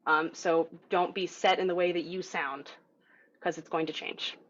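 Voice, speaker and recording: A young adult woman coaching an online group voice lesson, calm and encouraging as she talks through breathing and resonance exercises. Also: on the low side, normal speed, muffled recording. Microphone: video call mic.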